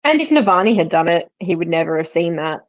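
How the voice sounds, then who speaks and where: Tired female co-host, deep voice, laid-back chat, slightly fuzzy muffled recording. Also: big pitch swings, fast talker. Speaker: podcast co-host. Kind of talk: casual book discussion chat.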